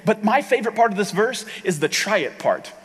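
A man's voice: sits high, animated, brisk, husky. A middle-aged man preaching a sermon as a pastor, candid and self-deprecating, talking in a loose conversational way. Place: large rented hall with reverb. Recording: long hall reverb.

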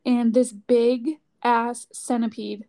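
Chatty young-sounding woman, high voice. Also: little pitch movement, slow pace, dark tone. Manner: chatty, storytelling with lots of "like" fillers. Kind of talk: casual chat.

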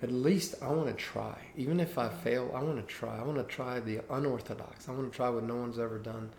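An earnest man in his sixties tells his life story as a guest in an interview. His voice is mid-pitched and gravelly. The room is echoey, with a faint hiss behind him. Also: fairly quick. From Cuba. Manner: earnest, animated anecdote telling. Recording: roomy echo with faint background hiss.

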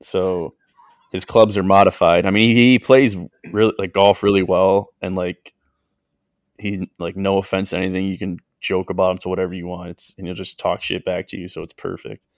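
A man's voice: sits low, flat delivery, moderate pace, no echo, studio quality. A young man, a podcast co-host, telling a story in casual chat, rambling with lots of "like" fillers and acting out what people said.

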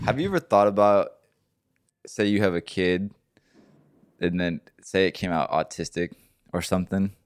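A man's voice: low voice, clean tone, no echo, studio quality. A man co-hosting a casual podcast, reacting to stories with disbelief and laughter. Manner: laughs along, quick incredulous reactions. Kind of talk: casual chat.

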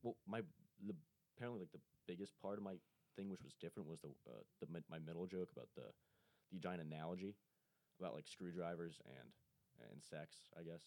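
Young male amateur comic, very low voice, quick hesitant chatter. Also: dark tone, dry recording. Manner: hesitant, restarts, self-deprecating. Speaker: podcast co-host, amateur comedian. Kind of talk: casual chat. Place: studio.

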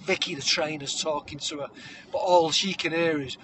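A man telling a comic story, acting scenes out with shouted voices. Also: fairly high pitch, fairly even intonation, moderate pace, a little hiss or hum. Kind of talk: comedic improvised storytelling.

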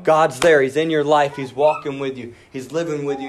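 A man preaching a sermon, animated, acting out inner voices and dropping his voice low for emphasis. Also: background noise. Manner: animated, acts out inner voices, quickens and drops to near whisper. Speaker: pastor.

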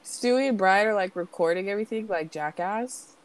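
A young woman co-hosting a podcast, chatting casually and retelling scenes in an animated way. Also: medium pitch, a little fast. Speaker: podcast co-host. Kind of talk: casual chat.

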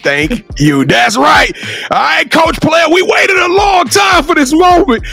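A man co-hosting a sports podcast with a Louisiana accent, hyping the audience with loud, preachy energy and frequent shouting. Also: very high voice, sing-song, measured pace, vocal fry, soft background music. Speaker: podcast co-host. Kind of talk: hyped podcast chat.

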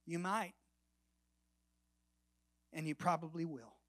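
Slow-speaking pastor man preaching. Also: fairly high pitch. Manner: drops to a near whisper at the ends of phrases for emphasis; storytelling, swings between loud and soft. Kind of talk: sermon.

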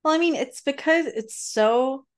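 A woman co-hosting a podcast, telling stories in an animated way. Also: sits high, unhurried. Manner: animated, storytelling. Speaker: podcast co-host. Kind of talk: casual chat.

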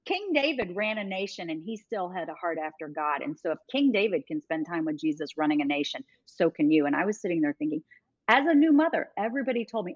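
A middle-aged woman telling stories as a guest, animated, often laughing and breaking off mid-sentence. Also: lowish voice, quick pace, no echo, dull audio. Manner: animated, laughing, self-interrupting. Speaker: guest, ministry leader. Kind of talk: conversational storytelling.

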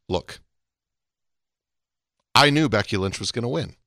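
Male podcast co-host, animated casual talker, bright voice. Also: on the low side, slow, vocal fry, no echo, studio quality. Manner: animated, rising to emphatic peaks. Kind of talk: casual wrestling chat.

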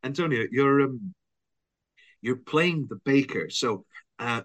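Brief: lively male co-host, slow delivery, jokey and animated. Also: mid-range voice. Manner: animated, joking, laughing often. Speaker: podcast co-host. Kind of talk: casual chat.

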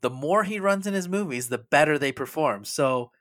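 A man's voice: fairly high pitch, expressive, moderate pace, fairly bright tone, dry recording. A man co-hosting a casual movie podcast, chatty and laughing often, with frequent hesitant restarts. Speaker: podcast co-host.

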